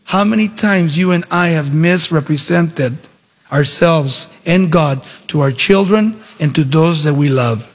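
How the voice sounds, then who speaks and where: A man preaching a sermon, with animated, sing-song emphasis and dramatic storytelling, in a church hall. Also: fairly high pitch, unhurried. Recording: long reverb of a large hall.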